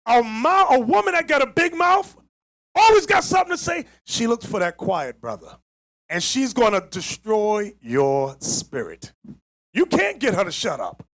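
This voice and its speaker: A man preaching outdoors, loud and emphatic, mocking his subject and often shouting. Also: very high voice, huge pitch swings, measured pace. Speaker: street preacher. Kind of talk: open-air sermon with Bible reading. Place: outdoors on a public green.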